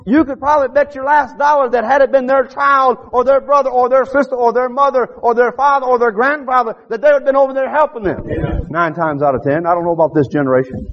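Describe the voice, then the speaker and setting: A middle-aged man preaching a sermon to a congregation, his voice pitched high for a man. He talks in a folksy way, keeps calling out "Huh?" and acts out characters in quoted asides. The recording sounds a little dull and lo-fi, with a faint hiss underneath.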